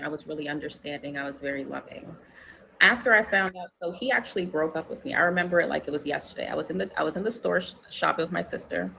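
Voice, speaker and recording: A woman's voice: lowish voice, vocal fry, pushed and bright, slight background noise, low-quality recording. A woman from New York, guest in an interview, telling a personal story candidly, swearing freely and acting out quotes in a raised voice.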